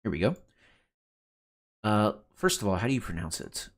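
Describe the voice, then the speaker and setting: A man's voice: lowish voice, very animated, normal speed. A man streaming a game, chatting casually with his chat and laughing often. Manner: laid-back, laughs often, reads chat aloud.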